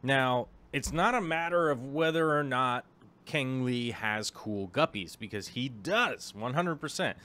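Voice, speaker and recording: A man's voice: medium pitch, animated, unhurried, bright, forceful tone. A man vlogging casually about his hobby, rambling with many filler ums and chatty asides to the viewer. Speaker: aquarium vlogger. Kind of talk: casual vlog chat.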